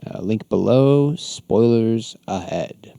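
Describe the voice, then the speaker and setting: A man's voice: on the low side, lively intonation, slow pace, creaky, dark tone, no echo. A man hosting a podcast, recapping an episode in a casual, rambling way with many ums and frequent chuckles. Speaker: podcast host.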